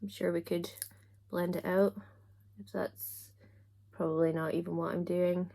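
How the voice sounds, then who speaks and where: A young woman chats to her camera while doing her makeup. She keeps up a relaxed, self-deprecating patter, full of quick asides and jokes at her own expense. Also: on the low side, vocal fry. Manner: chatty and self-mocking, with little asides. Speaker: book vlogger.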